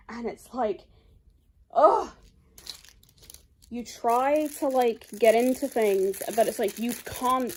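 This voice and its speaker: A young woman with a fairly high voice chats in a rambling, unhurried way, full of "like". She is unboxing things at home, and faint crinkling of packaging sits behind her words. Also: darkish tone, a little hiss or hum. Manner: chatty, rambling, peppered with "like". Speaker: YouTuber. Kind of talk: casual unboxing chat.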